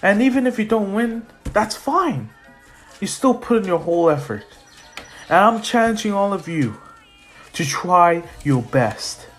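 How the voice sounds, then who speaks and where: A man's voice: high voice, expressive, a little slow, a bit bright, soft background music, voice pushed up. A man voicing a teenage boy hero who gives an earnest, rambling pep talk full of fillers.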